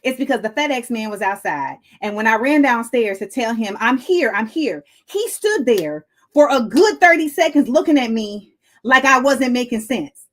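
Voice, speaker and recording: A woman's voice: on the high side, moderate pace. A woman hosting a comedic news commentary, out of breath and acting out quotes as she tells stories. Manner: animated storytelling with acted-out quotes. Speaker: host.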